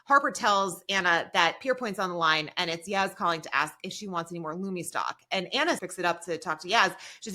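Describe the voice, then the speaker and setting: Woman, podcast co-host, casual chat, lively, brightly edged voice. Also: lowish voice. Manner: lively, quick affirming interjections. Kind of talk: casual chat recapping a TV episode.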